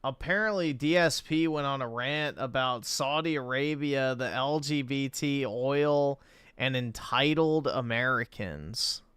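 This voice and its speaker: A man's voice: medium pitch, measured pace, fairly bright tone, smooth, no room sound, clean studio sound. A man hosting a stream, making laid-back, offhand comments while watching videos. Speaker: streamer host reacting to videos.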